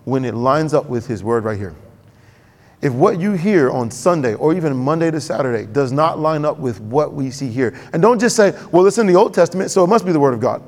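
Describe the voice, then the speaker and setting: Male pastor, fairly high voice, chatty preaching, slips into the voices he quotes, echoing sanctuary. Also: animated, brisk, a little mellow. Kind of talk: sermon.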